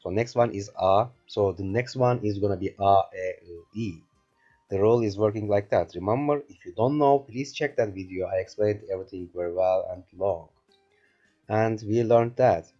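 A man teaching a beginner language lesson online, going over the rules patiently and slowly and checking in often with his learners. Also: fairly low pitch, warm tone, dull audio, soft background music. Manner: patient, slow drilling, keeps asking "remember?".

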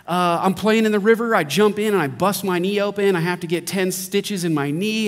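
Casting: thirties male pastor, slightly high voice, animated storyteller, church hall reverb. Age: 30s. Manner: lively joking storyteller, animated. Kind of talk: sermon with humorous storytelling.

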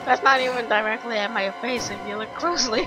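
A woman gamer commentating her play, swearing, shouting in frustration and laughing. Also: on the high side, fairly even intonation, fast, over music. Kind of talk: gameplay commentary.

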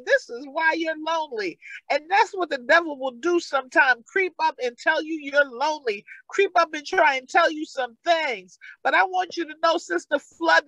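High-voiced woman preaching fervently. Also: fairly bright tone, no room sound, rough recording. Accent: New York. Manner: fervent preaching with rising calls and repetition. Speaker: pastor. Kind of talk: sermon.

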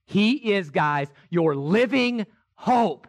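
A high-voiced man delivers an Easter sermon as pastor. He moves between quiet, drawn-out lines and passionate shouts. The sound is of a church service. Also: animated. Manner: impassioned, swings from hushed to shouted. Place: church sanctuary.

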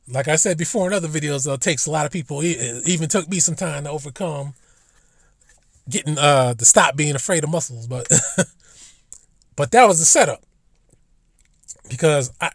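A man's voice: on the high side, a bit bright, no echo, studio quality. A man ranting bluntly and profanely in a casual vlog monologue, recorded in a car. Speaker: vlogger.

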